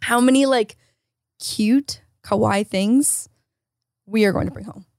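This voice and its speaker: A young adult woman co-hosting a podcast, chatting casually, excitable and gushing, laughing often. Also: on the high side, slow pace, no echo, studio quality. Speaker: podcast co-host. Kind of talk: casual chat.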